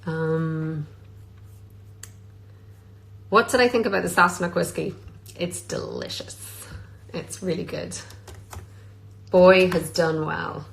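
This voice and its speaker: A woman with a slightly low voice, talking casually into her phone on a live stream. She reads out fans' questions and answers them with lots of "um"s along the way. She is an actress chatting easily from Scotland. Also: takes it slowly, gravelly, pauses often, rough recording. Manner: reads questions aloud, many filler ums. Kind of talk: casual livestream Q&A. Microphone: phone on a social media live stream.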